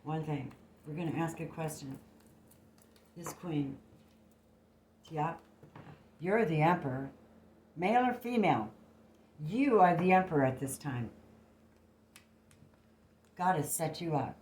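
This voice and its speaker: A woman's voice: low voice, animated, slow pace, pauses often, a little mellow, a little hiss or hum. A woman giving a casual tarot reading to camera, blunt and emphatic, swearing freely, recorded on a phone. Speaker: tarot reader. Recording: echoey room.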